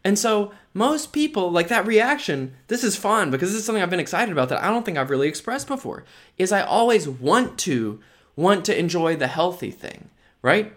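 In a high, sing-song voice that's a bit bright and a little fast, a weary man carries his own podcast alone. The monologue is casual and rambling yet upbeat, packed with "like" and "right?".

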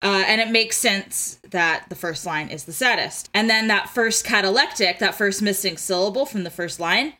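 A woman's voice: mid-range voice, moderate pace, hardly any pauses, pushed and bright. A young woman co-hosting a casual podcast, eagerly explaining poetic meter with lots of "like" and restarts. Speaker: podcast co-host. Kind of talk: casual chat with literary analysis.

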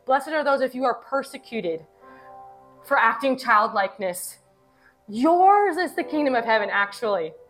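A woman in her thirties gives a heartfelt sermon, her voice sitting a little high. She weaves personal stories into the message with an earnest, emotional delivery. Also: animated, moderate pace, a bit bright, faint music behind. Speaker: pastor.

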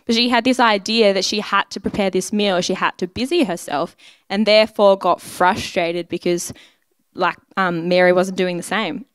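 Woman preaching in church, chatty and earnest, smooth voice, dry close sound. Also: mid-range voice, steady tone, moderate pace, no room sound. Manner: conversational, earnest, quotes prayers aloud. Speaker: church speaker. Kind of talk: sermon.

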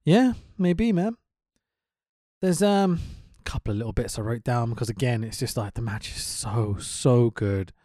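A man co-hosting a chatty podcast, his pitch leaping around as he gets animated and breaks into laughter. He swears casually and keeps things loose. The sound is close and dry, with no room around it. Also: moderate pace, dry recording. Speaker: podcast co-host. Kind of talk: casual chat.

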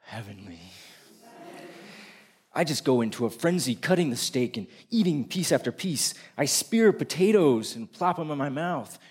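A man's voice: on the high side, animated, normal speed, few pauses, a little mellow, slightly rough. A man performing a first-person comic story, vivid and descriptive, building tension toward punchlines.

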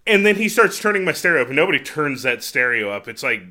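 A man in casual chat, joking and rambling, loud when retelling. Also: fairly high pitch, very animated, fast.

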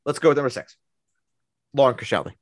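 A man's voice: mid-range voice, expressive, quick pace, no room sound. Man, mid-voiced podcast co-host, rambling casual sports chat, dry close sound. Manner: rambling, with many restarts and fillers.

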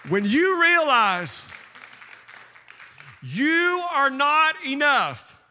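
Preacher guy, high voice, goes from quiet to shouting, big echoey church hall. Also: big pitch swings, very slow, some chatter behind, slight background noise. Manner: fervent preaching, swinging from hushed to shouting. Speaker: pastor. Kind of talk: sermon. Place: church sanctuary. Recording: long reverb of a large hall.

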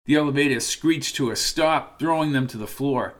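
A man giving scripted narration of a horror story in a steady, measured way. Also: medium pitch.

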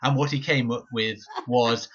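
A man's voice: mid-range voice, steady tone, moderate pace, fairly bright tone, lo-fi sound, slight background noise. A man co-hosting a wrestling podcast, rambling and swearing with lots of fillers. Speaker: podcast co-host. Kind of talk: casual podcast chat.

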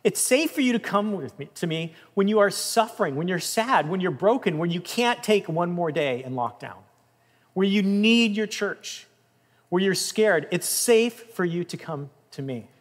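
A man preaching a sermon in an earnest, emphatic way, rising in intensity and dropping softly. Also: high-pitched, animated, moderate pace. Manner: earnest, emphatic, with swells of intensity and soft drops. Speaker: pastor. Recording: long reverb of a large room.

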